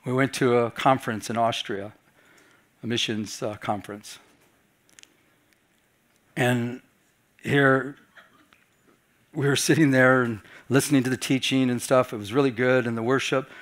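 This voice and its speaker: A middle-aged man, a pastor, telling a personal story during a Bible study, acting out his own reactions with lively swings between loud and soft. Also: medium pitch, unhurried, long pauses.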